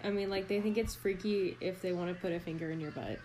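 A woman's voice: lowish voice, fairly even intonation, fast, darkish tone, low-quality recording. Hesitant woman co-host, faint hiss. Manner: hesitant, filler-heavy, reactive. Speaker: podcast co-host. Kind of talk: casual podcast chat.

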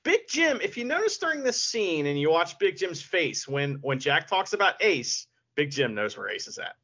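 Animated, bright-voiced man hosting a podcast. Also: a little high, normal speed. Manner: animated, laughs often, swears casually. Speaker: podcast host. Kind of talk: casual podcast chat. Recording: dull lo-fi audio.

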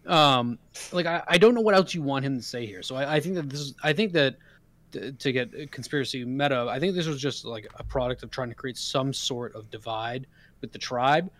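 A man's voice: mid-range voice, a little fast, fairly bright tone. A man co-hosting a casual recap discussion, arguing emphatically and asking rhetorical questions. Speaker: podcast co-host.

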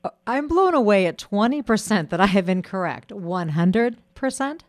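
A woman interview host with a lively, animated voice that swings up and down in pitch as she reacts. She asks her questions conversationally, with expressive surprise in her delivery. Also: moderate pace. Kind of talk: casual interview.

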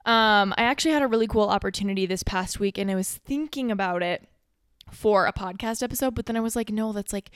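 A woman's voice: medium pitch, quick pace, smooth, no room sound, studio quality. A young woman in her twenties hosting a casual solo podcast, rambling with lots of "like" and frequent swearing, a little out of breath. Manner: rambling, filler-heavy, swears often. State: a bit out of breath. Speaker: podcast host.

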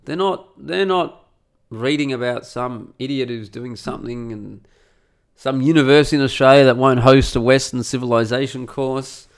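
A man's voice: mid-range voice, moderate pace. A man hosting a casual solo podcast from home, talking in a rambling, profane and self-mocking way. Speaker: podcast host and blogger. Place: at home during renovation.

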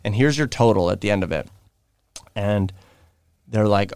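A man's voice: fairly low pitch, normal speed, long pauses, a little mellow, clean tone, no room sound, clean studio sound. A Canadian man co-hosting a podcast, animatedly telling a story and acting out the people in it. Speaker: podcast co-host. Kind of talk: casual storytelling chat.

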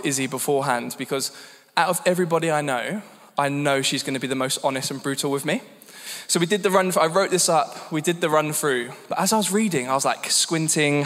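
An Englishman in his thirties gives a candid, self-deprecating personal testimony at a church gathering in a church hall. His voice is fairly high and a bit bright, and the hall gives it a long reverb.

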